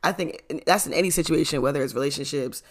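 A young adult storytime vlogger talks to camera fast in a mid-range voice, telling a casual story that's chatty, full of fillers, and often broken up by laughing and swearing.

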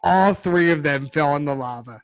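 A man co-hosting a casual sports podcast, talking in an animated, rambling way and laughing often. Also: fairly high pitch, normal speed. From Philadelphia area. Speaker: podcast co-host.

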